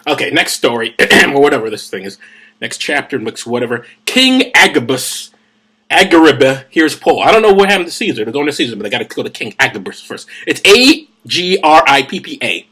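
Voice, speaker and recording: Husky, tipsy man riffing on scripture. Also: mid-range voice, big pitch swings, fairly quick, pushed and bright. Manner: rambling, profane, tipsy asides. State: drinking gin. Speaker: host of a comedic Bible reading. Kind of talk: casual comedic commentary.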